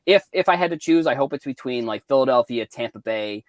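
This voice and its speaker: A man from Cape Cod chatting casually as a guest on a call-in show, halting with many restarts and likes. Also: mid-range voice, expressive, no room sound. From Cape Cod, Massachusetts.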